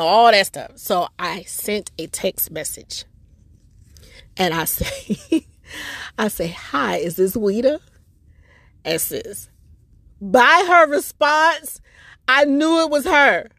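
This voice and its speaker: A woman hosting a podcast, telling a personal story in an emotional, expressive way with laughter. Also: medium pitch, measured pace, creaky, dry recording. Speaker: podcast host.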